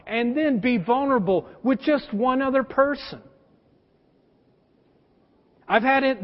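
A man preaching a sermon, telling a story and speaking straight to his congregation. Long hall reverb, dull lo-fi sound. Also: extremely high pitch. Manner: storytelling, direct address to the congregation. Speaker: pastor.

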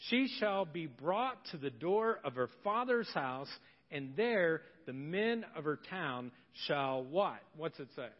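Pastor guy preaching, high voice, jokey and animated, does little voices, echoey church hall, kinda muffled. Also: slow. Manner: humorous, animated, acts out voices of people in the story. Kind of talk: sermon. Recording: muffled church hall recording with long reverb.

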